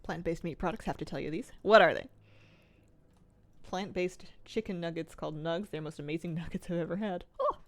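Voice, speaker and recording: Low, gravelly woman chatting with her stream. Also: a little fast. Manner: rambling, self-mocking, laughs often. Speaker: game streamer. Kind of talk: casual chat with stream viewers.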